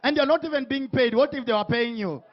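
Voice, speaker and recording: A man hosting a comedy talk show, teasing guests and shouting hype lines to the live crowd. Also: very high-pitched, fast talker, muffled recording. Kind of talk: comic stage hosting before a live audience.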